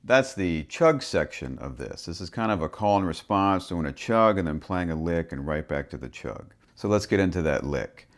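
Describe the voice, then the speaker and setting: A man's voice: low voice, moderate pace, hardly any pauses. A man teaching a harmonica lesson, talking through the rhythm and sounding out syllables as he explains. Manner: relaxed, thinking aloud, speaks rhythm syllables and soft whispers. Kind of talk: instructional explanation with vocal rhythm demonstrations.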